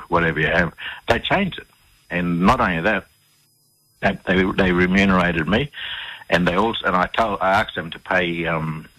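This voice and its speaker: Deep, husky Australian man. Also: sharp tone, low-quality recording. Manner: acts out dialogue, repeats words while searching for them. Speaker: interview guest. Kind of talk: conversational storytelling interview.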